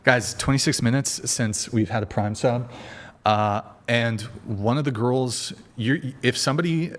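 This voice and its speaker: A man hosting a casual livestream, talking in a brash, profane, bossy way as he directs his guests. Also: medium pitch. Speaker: livestream host.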